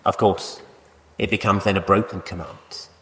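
A man's voice: sits low, level tone, normal speed, a bit bright. A man preaching a sermon in a conversational way, often asking rhetorical questions. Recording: echoey hall with long reverb.

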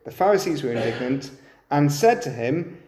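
A man's voice: medium pitch, expressive, normal speed, darkish tone, echoey room. A man preaching a sermon, often turning to the listeners with rhetorical questions.

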